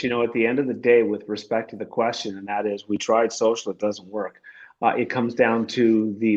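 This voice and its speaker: A man on a casual panel discussion, methodically laying out his points step by step. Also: fairly low pitch. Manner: methodical, lays out steps point by point. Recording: dull lo-fi audio.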